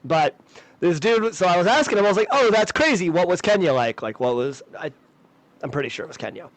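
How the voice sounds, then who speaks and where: A fairly high-voiced American man tells a story in casual podcast chat, recorded dry and close. He stumbles through restarts and mocks himself as he goes, swearing freely. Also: expressive, no room sound, low-quality recording. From United States. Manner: self-deprecating, halting restarts, profane. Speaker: podcast co-host.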